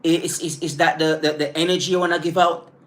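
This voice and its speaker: A man's voice: a little high, little pitch movement, quick pace, fairly bright tone. A man talking to his live-stream audience about positive self-talk. He speaks earnestly and bluntly, often restarting and repeating words, and breaks off to greet viewers by name. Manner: blunt, casual phrasing.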